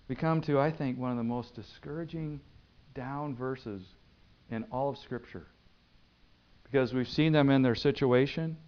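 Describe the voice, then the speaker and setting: Pastor, male, dramatic sermon delivery with sharp loud and soft swings, dull lo-fi recording. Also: mid-range voice.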